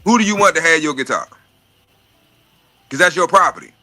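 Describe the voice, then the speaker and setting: A podcast host chats casually about money and estates in a fairly high, animated voice that's brisk, pushed and bright. He's profane and streetwise, and he often repeats words while hunting for the right one.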